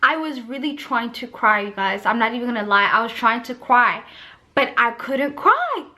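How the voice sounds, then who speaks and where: A woman's voice: on the high side, sing-song, moderate pace, pushed and bright. A young woman vlogger casually telling a personal story to camera, chatty and talking straight to her viewers. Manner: chatty, addresses viewers as you guys.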